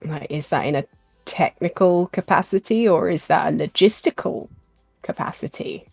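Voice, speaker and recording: A woman on an online game panel, thinking out loud about how to narrow down the guest's job. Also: sits low, moderate pace, gravelly, slightly rough, no echo, soft background music. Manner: thoughtful, reasoning aloud.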